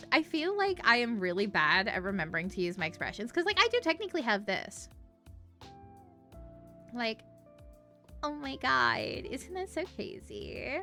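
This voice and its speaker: A woman's voice: a little high, sharp tone. A woman streamer chatting casually, giggling often and swearing freely.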